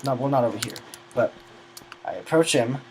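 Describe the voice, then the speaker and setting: A man's voice: mid-range voice, lively intonation, normal speed, a little mellow, slight background noise, poor audio. A teenage boy telling a long, rambling story about gaming friends, often losing his train of thought. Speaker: gamer recounting a server's history.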